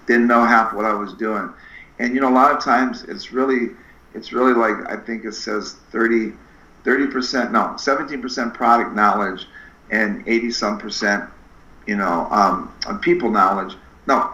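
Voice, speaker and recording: A middle-aged man telling stories as a podcast guest in an energetic, animated way, acting out the dialogue in his anecdotes. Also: medium pitch. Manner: animated, acts out quoted dialogue with shifting voices. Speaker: podcast guest, spinal screener. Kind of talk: energetic storytelling interview. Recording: echoey room, slightly dull sound.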